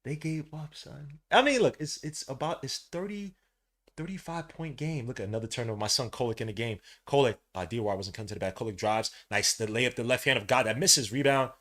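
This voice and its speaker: A man, hosting a fan podcast and calling a live game, swinging from low muttering to loud shouting, full of slang. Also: a little fast. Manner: heavy slang, calls out plays between asides. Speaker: podcast host. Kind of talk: live fan watch-along commentary.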